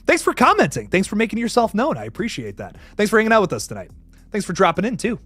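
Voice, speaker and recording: A man's voice: high-pitched, wildly swooping pitch, fast, fairly bright tone, breathy edge, no room sound, soft background music. A young man hosting a casual livestream who reads out viewer messages, laughs often, stumbles over his words and swears casually. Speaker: livestream host. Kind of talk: casual live chat reading viewer messages.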